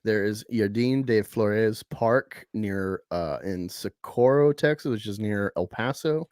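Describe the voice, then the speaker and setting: A man's voice: fairly low pitch, takes it slowly, hardly any pauses, darkish tone, dry recording, studio quality. A man co-hosting a casual podcast chat about comics, laid-back. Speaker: podcast co-host.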